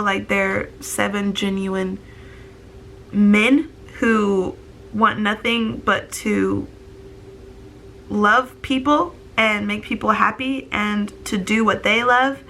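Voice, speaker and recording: Bright-voiced young woman on the verge of tears. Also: mid-range voice, creaky, slight background noise. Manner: filler-heavy, rambling, tearful. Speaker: vlogger. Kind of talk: casual storytelling to camera.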